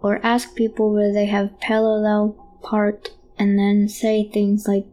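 Mellow-voiced woman narrating a horror story. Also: medium pitch, monotone, unhurried, hardly any pauses. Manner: childlike first-person storytelling with hesitant repeats.

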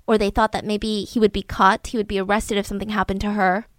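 A woman casually retelling a true crime story, animated, acting out the people she quotes. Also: fast, dry recording. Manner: animated, acts out quotes with raised pitch and volume.

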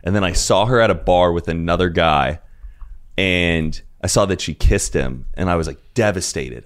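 A man's voice: low-pitched, moderate pace, fairly bright tone. A young man telling stories as a podcast guest in a laid-back, rambling way. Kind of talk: casual storytelling.

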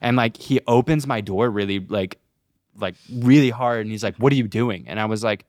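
A man's voice: on the low side, normal speed, no echo, studio quality. A young man co-hosting a podcast, telling a story in casual chat, swearing freely and acting out the people he quotes. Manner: animated, swearing, acts out quotes. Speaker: podcast co-host.

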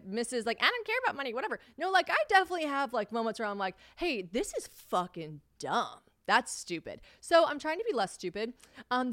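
Young woman rambling on her podcast, swears a lot, squeaks way up when she acts out quotes, smooth and dry. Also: fairly bright tone, no echo. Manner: chatty, swears a lot, acts out quotes with big pitch jumps. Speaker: podcast host. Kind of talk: casual solo podcast chat.

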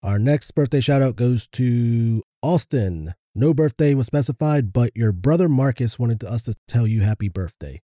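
A man co-hosting a podcast, reading birthday shout-outs in a low-key, flat way. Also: normal speed, few pauses, dry recording, clean studio sound. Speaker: podcast co-host. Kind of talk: casual chat.

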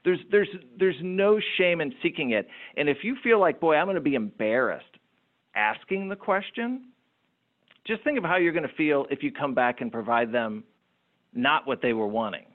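A man's voice: on the high side, normal speed. Storytelling man on a tinny line. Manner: animated anecdotal storyteller. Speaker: entrepreneur guest. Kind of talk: storytelling interview talk.

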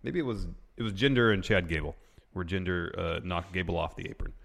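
A man with a very deep voice co-hosts a relaxed wrestling chat. He talks steadily and moves the recap along segment by segment. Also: brisk, gravelly. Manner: steady, runs through the show's segments. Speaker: co-host.

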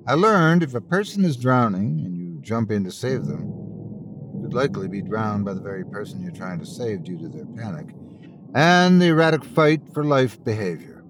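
A man voicing a calm, blunt teenage girl in a spoken horror story, talking in a dry, matter-of-fact way. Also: fairly low pitch, normal speed, noisy background.

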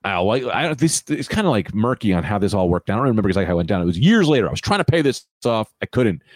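A man's voice: on the low side, sing-song, very fast, no echo. A man in his thirties hosting a podcast, telling a long story in a rambling, self-correcting way. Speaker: podcast host. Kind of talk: casual storytelling chat.

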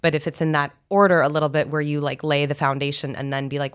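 A woman's voice: deep voice, flat delivery, fast, smooth. A woman communication coach, giving guests explanations and affirmation in a podcast interview.

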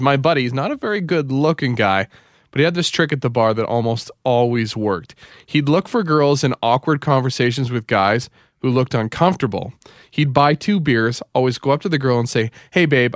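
A man's voice: medium pitch, animated, a little fast, no echo, studio quality. A man co-hosting a morning radio show, reading listener stories aloud and joking in casual banter. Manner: jokey, reads listener texts aloud with laughs. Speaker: radio co-host. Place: radio studio. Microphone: studio microphone.

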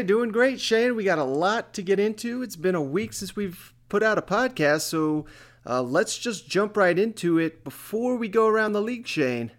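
A man hosting a sports podcast, chatting casually and joking with his cousin. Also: sits high. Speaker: podcast host.

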